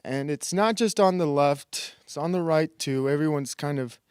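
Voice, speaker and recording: A man's voice: fairly high pitch, normal speed, a little mellow, smooth, dry recording, clean studio sound. Crude sarcastic man ranting. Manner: crude, sarcastic, rambling with laughs and mock voices. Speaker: host. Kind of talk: comedic commentary monologue.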